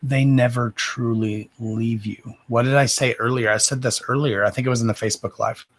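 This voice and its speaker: A man hosting a live psychic reading stream, answering viewers slowly and deliberately and often calling them "darling". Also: medium pitch, steady tone, no room sound. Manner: slow and deliberate, calls viewers "darling", says "okay" again and again.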